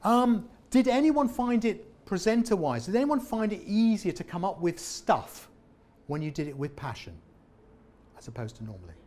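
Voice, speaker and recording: A man, a former comedian, leading a lively interactive workshop on presenting and asking the audience questions. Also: high-pitched, moderate pace, slight background noise. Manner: animated, jokey, questions the audience. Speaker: presentation trainer. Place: meeting room with an audience.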